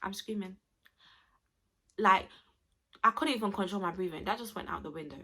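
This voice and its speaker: A woman's voice: mid-range voice, moderate pace, pushed and bright. A young woman, chatting expressively to camera as she tells a personal story to her viewers. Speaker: vlogger.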